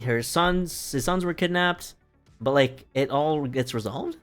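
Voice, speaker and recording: A man's voice: on the high side, measured pace, fairly bright tone, smooth, soft background music. A man recapping a play on a live stream in casual talk, rambling and profane and laughing often.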